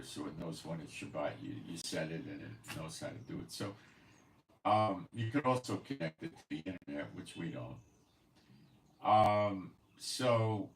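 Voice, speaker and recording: A man hosting his own channel, talking casually to viewers in a rambling, conversational way full of fillers and asides, recorded at home. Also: low voice. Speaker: channel host. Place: at home in Israel. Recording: roomy echo, voice from a distance, faint background hiss.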